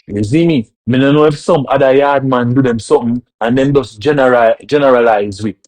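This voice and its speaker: A man's voice: medium pitch, brisk, a little mellow. A man from Jamaica in a casual rant, speaking Jamaican Patois in a laid-back way and often checking in with the listener. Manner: laid-back, keeps asking "you see me".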